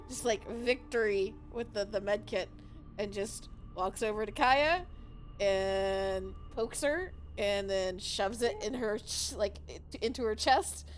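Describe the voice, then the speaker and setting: A woman's voice: mid-range voice, animated, slow pace. A woman playing a tabletop game, casual and bubbly, often laughing. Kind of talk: casual in-character play.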